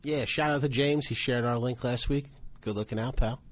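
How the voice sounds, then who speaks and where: A man co-hosting a casual podcast, with a mid-pitched, ordinary male voice. He jokes and teases in an easy, conversational way. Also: normal speed. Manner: joking, teasing. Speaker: podcast co-host. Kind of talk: casual chat.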